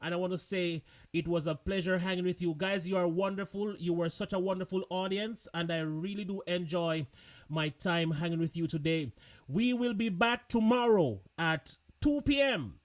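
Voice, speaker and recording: A man's voice: high voice, moderate pace. A man hosting a live online show in a loose, chatty way, often repeating words. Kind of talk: casual live-stream chat.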